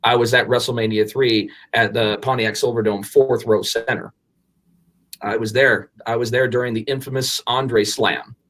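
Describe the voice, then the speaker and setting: A man in his forties, co-hosting a podcast, telling a story in an animated, rambling way with restarts and casual swearing. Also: medium pitch, normal speed. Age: 40s. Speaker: podcast co-host.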